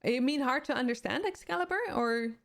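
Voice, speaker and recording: A woman's voice: sits high, expressive, a little fast, creaky, a bit bright. A woman with a Swedish accent, a native Swedish speaker who streams games and chats casually, reading viewer comments aloud and answering them. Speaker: game streamer. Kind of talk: casual chat with live viewers.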